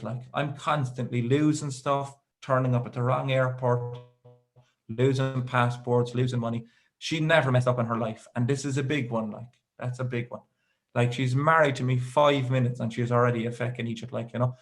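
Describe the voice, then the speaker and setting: A young Irish man doing stand-up comedy, his voice of middle pitch. He tells a long personal story in a rambling, self-deprecating way and drops deadpan asides between the details. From Ireland. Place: live comedy show with audience.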